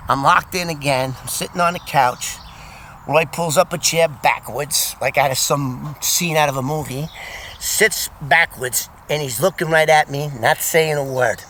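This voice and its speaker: An older man with a bright, slightly high voice spins a yarn at a measured pace, with a faint hiss in the background. Telling the story in a casual first-person way on his own channel, he's animated and repeats words as he goes.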